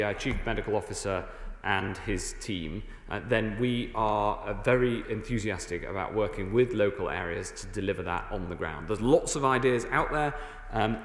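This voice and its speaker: Man in a hall-like echoing chamber. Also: on the low side. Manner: halting, filled with uh and um. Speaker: government minister answering MPs. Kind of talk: parliamentary statement. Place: large debating chamber, indoors. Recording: echoey chamber with long reverb.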